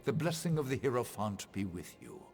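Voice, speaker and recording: An actor playing a creepy male traveler who trains adventurers in a video game, with a gravelly, unsettling voice. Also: medium pitch, big pitch swings, a little fast, darkish tone, big-room sound, soft background music, lightly acted. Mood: measured.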